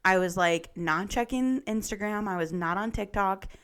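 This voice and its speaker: A woman's voice: mid-range voice, normal speed, a bit bright, clean tone. A woman co-hosting a podcast, talking in chatty, enthusiastic casual conversation. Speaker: podcast co-host. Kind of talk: casual chat.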